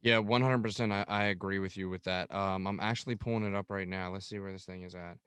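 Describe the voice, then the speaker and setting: A man co-hosting a hockey podcast in relaxed casual chat, speaking with easy slang. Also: deep voice, quick pace, noisy background. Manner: relaxed, laid-back, frequent slang. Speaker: podcast co-host.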